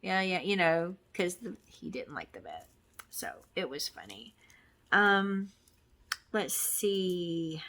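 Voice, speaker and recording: A woman's voice: fairly low pitch, very animated, slow pace, pushed and bright. A middle-aged woman from Texas chatting casually to camera in a crafting vlog, rambling with many ums and restarts. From Texas, USA. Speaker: crafting vlogger.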